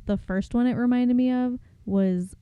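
A woman podcast co-host chatting casually, throwing in deadpan jokes and comparing films. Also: on the high side, normal speed, smooth, dry recording, lo-fi sound. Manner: jokey asides and deadpan teasing. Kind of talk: casual chat.

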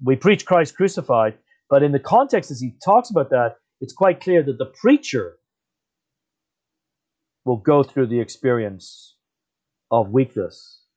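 A man guest explaining history in a thoughtful conversational way, often pausing to correct himself. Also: big pitch swings, a little mellow. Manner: thoughtful, self-correcting, wide-ranging pitch. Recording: slightly dull muffled audio.

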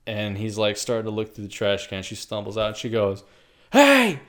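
A man's voice: lowish voice, completely flat delivery, a little fast. A young man in casual podcast chat, telling profane, crude stories and laughing at his own jokes.

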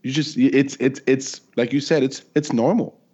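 A man's voice: medium pitch, steady tone, moderate pace, dark tone. Male podcast co-host, conversational and questioning, dull recording from a distant mic. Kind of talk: casual faith discussion.

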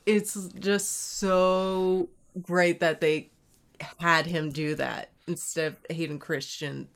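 A woman in casual chat as a podcast co-host, gushing and quick to laugh. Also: lowish voice, fairly even intonation. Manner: slow, gushing, laughs easily.

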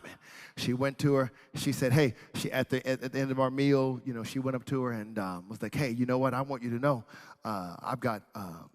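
A male pastor preaching a sermon, telling a story and then building to shouted preaching in a church. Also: mid-range voice. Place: church hall. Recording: hall reverb.

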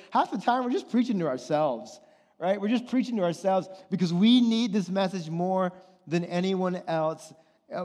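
A man's voice: high-pitched, darkish tone. A man in his thirties, a pastor preaching a sermon in a conversational way, often checking in with "right?". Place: church sanctuary. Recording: long hall reverb.

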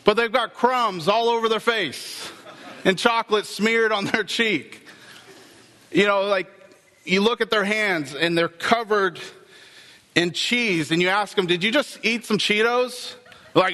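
A male pastor preaching a sermon, telling the story with lively, acted-out dialogue. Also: high-pitched, a little slow, in a large hall.

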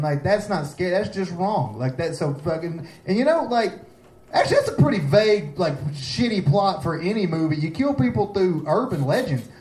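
A man doing a stand-up comedy set, rambling and excitable, jumping from one thought to the next. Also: high-pitched. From Gate City, Virginia. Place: comedy club stage. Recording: echoey room, faint ambience.

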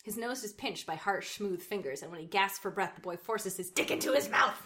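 A woman's voice: medium pitch, expressive, fairly quick, fairly bright tone. A woman reading a story aloud, stopping now and then to laugh at it and mock its writing. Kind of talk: reading aloud with casual commentary.

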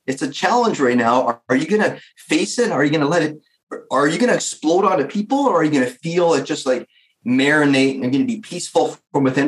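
A man telling a story in casual chat, animated, with frequent fillers. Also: on the high side, low-quality recording.

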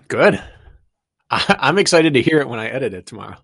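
A man's voice: medium pitch, lively intonation, very fast, vocal fry, fairly bright tone, slightly rough. A man hosting a running podcast and coaching his guest, talking in a chatty, upbeat way. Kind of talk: casual chat.

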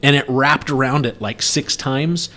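A middle-aged man in a relaxed conversation, spinning out a long story. He talks in an animated way and jumps up loud whenever he acts out what people shouted. His voice sits at an ordinary pitch for a man. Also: a little slow, a little hiss or hum. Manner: animated, acts out yelled quotes. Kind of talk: casual storytelling chat.

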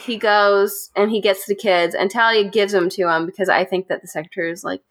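A woman's voice: mid-range voice, brisk. Chatty woman retelling a story. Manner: chatty, animated, laughs often. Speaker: podcast host. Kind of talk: casual storytelling to friends.

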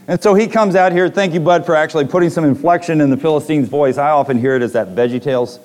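A man's voice: on the high side, quick pace, hardly any pauses, a little mellow. A man preaching a sermon to a congregation, reading scripture and retelling stories with dramatic voiced quotes.

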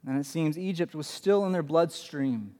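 A man in his thirties preaching a sermon as pastor, telling stories in an animated way in a church sanctuary. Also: on the high side, normal speed. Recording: long hall reverb.

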